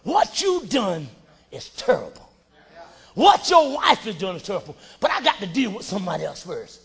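A man voicing God as a calm, commanding male deity in a sermon, with shouted calls. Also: high voice, moderate pace, gravelly, slightly rough, pitched below the performer's own voice, full character voice. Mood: stern.

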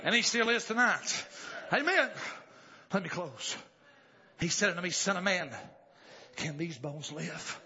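A man preaching a sermon, swinging from calm, folksy talk to hollered exclamations. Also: high-pitched, measured pace, long pauses. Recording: dull lo-fi church recording with faint congregation.

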